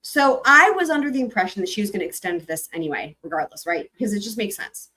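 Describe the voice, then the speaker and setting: A woman hosting a live stream, reading court filings aloud and commenting on them in a chatty, animated way. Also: medium pitch, quick pace, low-quality recording. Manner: chatty, animated, breaks into sung snippets.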